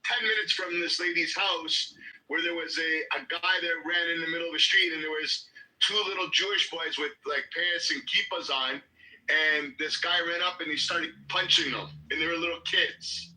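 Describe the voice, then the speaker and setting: Bright-voiced man telling a story. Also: on the high side, moderate pace, rough recording. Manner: animated, swears a lot, acts out quotes. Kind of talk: casual storytelling.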